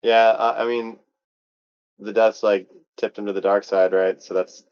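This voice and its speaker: A man's voice: lowish voice, little pitch movement, unhurried, darkish tone, smooth, highs cut off. A man co-hosting a podcast in casual chat, laid-back and agreeable. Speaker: podcast co-host.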